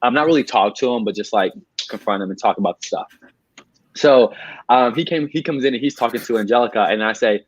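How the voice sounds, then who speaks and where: A man's voice: mid-range voice, quick pace, dry recording. A man, a game's winner, recapping his moves in a casual podcast chat, rambling and acting out what he and others said. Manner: rambling storytelling, quotes himself. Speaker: game winner guest. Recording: dull lo-fi sound.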